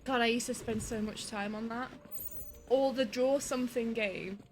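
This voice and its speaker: Giggly high-voiced woman. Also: moderate pace, soft background music. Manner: giggly, animated storyteller, swears freely. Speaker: streamer's wife, co-host. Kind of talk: casual chat on a live stream.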